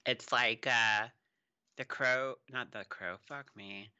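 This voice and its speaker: A man's voice: medium pitch, fairly even intonation, slow, bright, forceful tone, clean tone, dull audio. A man co-hosting a podcast in casual chat, rambling and trailing off into fillers. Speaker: podcast co-host.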